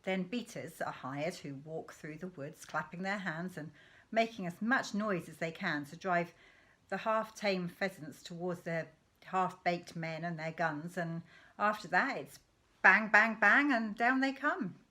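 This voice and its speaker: A woman's voice: on the low side, measured pace, fairly bright tone. A woman reading aloud as a mischievous, conspiratorial middle-aged father in a storybook, with a relishing, confiding tone. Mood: scornful. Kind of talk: read-aloud storybook dialogue.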